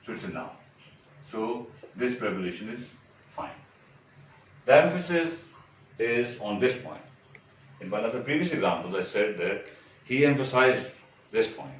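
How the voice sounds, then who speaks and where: A man teaching a grammar lesson for exam prep. He explains step by step and keeps checking in with quick rhetorical questions. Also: lowish voice, far from the mic, slight background noise. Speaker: English teacher. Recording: very echoey room, voice from afar.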